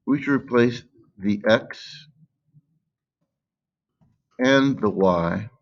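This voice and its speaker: A man's voice: on the low side, very slow, highs cut off. A man teaching math in a screen-recorded lesson, patiently stressing key words and thinking aloud with fillers.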